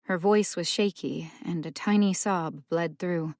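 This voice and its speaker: A woman reading a thriller audiobook as narrator in a measured, unhurried way. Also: fairly low pitch, fairly even intonation, a little mellow, dry recording, studio quality. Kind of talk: scripted narration.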